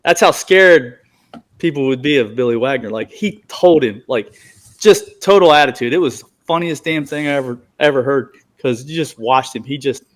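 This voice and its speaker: A man's voice: mid-range voice, normal speed. A man, a former ballplayer, telling a clubhouse story in casual chat, laughing and acting out the quotes. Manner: animated, laughing, acts out quotes. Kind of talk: casual storytelling among friends.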